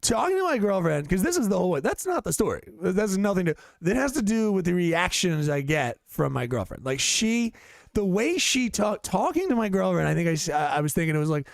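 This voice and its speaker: A man's voice: high-pitched, sing-song, normal speed, vocal fry, no room sound. A man co-hosting a podcast, telling stories in a rambling, profane way with many fillers. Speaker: podcast co-host. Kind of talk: casual podcast chat. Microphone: studio podcast mic.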